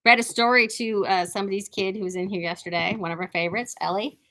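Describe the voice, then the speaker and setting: A woman hosts a quilt shop video, showing off products live and talking fast in a fairly bright, mid-range voice with fairly even intonation. Her chat is casual and enthusiastic, and she frequently restarts sentences.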